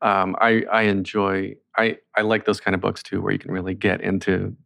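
A male interviewer with a gravelly, fry-edged voice set somewhat low. He chats casually, hesitating and filling pauses as he works toward his questions. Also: level tone, a bit bright. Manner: conversational, with fillers and hesitations.

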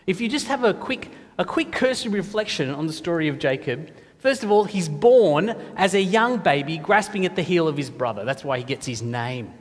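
A man preaching in a church, talking through the story in a reflective, conversational way. His fairly high voice rises and falls a lot, and a long reverb trails every phrase. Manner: reflective, conversational teaching with frequent restarts. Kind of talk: sermon.

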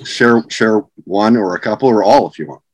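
Low-voiced man host, dry sound. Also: moderate pace, slightly rough, no echo, poor audio. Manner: loose, swears casually. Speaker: podcast host. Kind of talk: casual interview.

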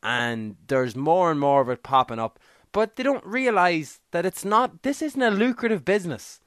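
A man's voice: high voice, expressive, moderate pace, fairly bright tone, no room sound, clean studio sound. A man co-hosting a podcast in casual chat, who keeps adding "do you know what I mean?". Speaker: podcast co-host.

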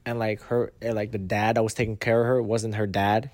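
A young man chatting on a podcast, retelling a story in a lively, slangy way, swearing often and acting out what people said. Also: fairly low pitch, brisk, no room sound. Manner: animated, slangy, swears a lot, acts out quotes. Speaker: podcast co-host. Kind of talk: casual chat, storytelling.

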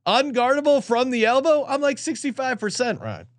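A man co-hosting a sports betting podcast, chatting quickly with laughing banter. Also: very high voice, lively intonation, no room sound, studio quality. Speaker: podcast co-host.

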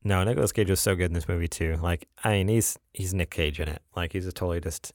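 Male podcast co-host, low and gravelly, loose rambling delivery. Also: fast talker, a little mellow, no room sound, studio quality. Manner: rambling, many fillers and restarts. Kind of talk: casual podcast chat.

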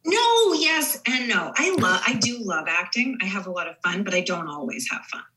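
A woman's voice: fairly low pitch, brisk, sharp tone, rough recording. A woman in her forties, an actress guest on a podcast, talking casually with many fillers and restarts.

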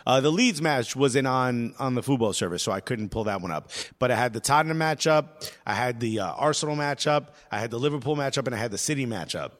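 A man co-hosting a live soccer talk show, joking and talking in an animated, slangy way. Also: mid-range voice, quick pace, few pauses. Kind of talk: casual sports chat.

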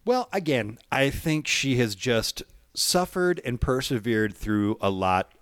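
A man co-hosting a comedy podcast, joking and animated. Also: mid-range voice, slow pace, clear, resonant tone, dry recording, clean studio sound. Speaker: podcast co-host.

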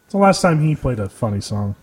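A man's voice: medium pitch, quick pace. A man co-hosting a podcast in casual chat, telling stories with lots of laughter and mocking asides. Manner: animated, laughs often, mocking storyteller. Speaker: podcast co-host.

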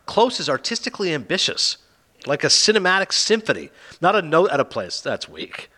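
In a laid-back podcast conversation, a man who reviews films retells their plots with sarcasm and energy. His pace is fast and his voice varies widely in pitch.

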